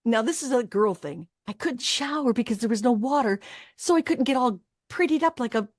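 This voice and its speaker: Lively storytelling woman, dry sound. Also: fairly high pitch, a little fast, no room sound. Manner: lively, acts out the voices of people in her story, laughs often. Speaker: voice actress, guest. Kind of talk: animated storytelling in an interview.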